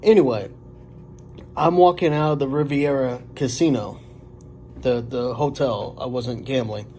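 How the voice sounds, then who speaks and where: A man in his forties telling a story to camera in a rambling, halting way, full of fillers and restarts. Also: medium pitch, mellow, a little hiss or hum. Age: 40s. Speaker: vlogger.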